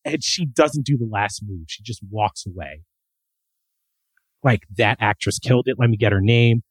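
A man co-hosting a casual pop-culture chat, excitable and acting out quotes with the odd swear word. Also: on the low side, normal speed, no echo, poor audio. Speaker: podcast co-host.

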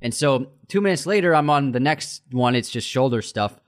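A man in casual conversation with a mid-range voice, acting out every quote in the story. He climbs higher and louder as he replays the argument, stumbling and restarting when he gets worked up. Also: moderate pace. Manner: animated storyteller, acts out heated dialogue, many restarts. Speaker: podcast co-host.

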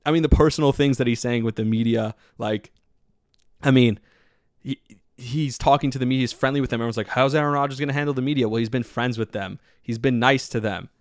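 A man hosting a solo sports podcast, talking in an excitable, rambling way with lots of filler words. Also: mid-range voice, a little fast, no room sound, clean studio sound. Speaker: podcast host.

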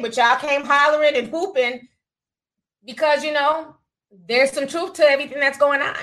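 On a rough recording, a woman with a high, somewhat bright voice reads viewer super chats during her casual gossip livestream. She chats with sassy asides, laughs often, and keeps calling people "honey" and "child."

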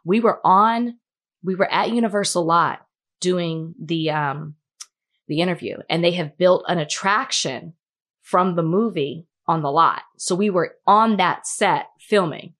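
A woman talks casually on a podcast about her work as an entertainment host. Her voice sits a bit low. She scatters "like" through her sentences and acts out what people said. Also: unhurried, fairly bright tone. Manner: chatty, many "like" fillers, acts out quoted dialogue. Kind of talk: casual chat.

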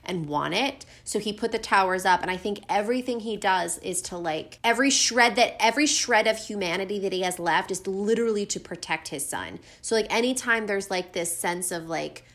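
A woman's voice: mid-range voice, brisk, few pauses. A woman co-hosting a podcast, talking animatedly and emotionally about a book series and dropping "like" often. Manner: animated, emotional, says "like" a lot. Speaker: podcast co-host. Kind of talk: casual book discussion.

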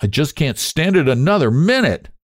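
A man's voice: a little high, sing-song, normal speed, dry recording, clean studio sound, voice pushed up. A man voicing a hungry, impatient young boy who talks in a whiny, complaining way. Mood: injured. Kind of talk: audiobook character voice.

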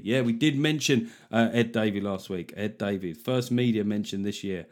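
A man's voice: lowish voice, moderate pace, few pauses. A middle-aged man hosting a podcast, chatting casually and making puns. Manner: jokey, punning, conversational. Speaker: podcast host. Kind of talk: casual comedic chat.

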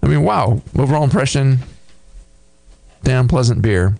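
A man co-hosting a beer podcast, casually describing a tasting in a thoughtful, halting way with many fillers. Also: mid-range voice, lively intonation, gravelly, a little mellow. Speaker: podcast co-host reviewing beer.

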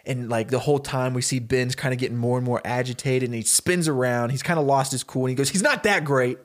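Animated man spinning a story. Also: medium pitch. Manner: animated, acts out characters' lines in quick bursts. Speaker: podcast co-host pitching a story. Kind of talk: casual podcast storytelling.

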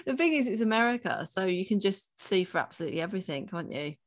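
A woman's voice: medium pitch, big pitch swings, fast talker. A woman in her thirties co-hosting a podcast, rambling chattily and laughing often. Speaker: podcast co-host. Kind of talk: casual chat.

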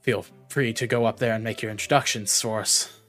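Stammering, excitable male player. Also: lowish voice, brisk, soft background music. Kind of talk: casual tabletop role-play.

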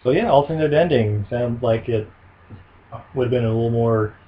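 A man's voice: medium pitch, moderate pace. Jokey man in a lo-fi movie chat. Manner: jokey, does goofy impressions. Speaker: podcast co-host. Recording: muffled lo-fi audio with faint hiss.

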